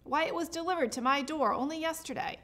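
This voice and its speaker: A woman's voice: high voice, fast talker, a bit bright, pitched above the performer's own voice. A woman voicing a huge, grouchy male snowman who bellows. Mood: indignant.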